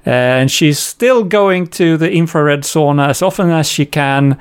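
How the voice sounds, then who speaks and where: A man's voice: on the high side, unhurried, smooth. A man co-hosting a casual podcast, telling a story wryly with many fillers and chuckles. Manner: wry, chuckling, hesitant with fillers. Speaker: podcast co-host. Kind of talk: casual chat.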